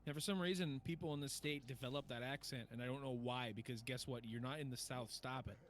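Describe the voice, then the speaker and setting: A man's voice: medium pitch, quick pace. Rambling man with a northeastern Pennsylvania accent. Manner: rambling, swears, laughs easily. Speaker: podcast co-host. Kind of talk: casual chat while gaming.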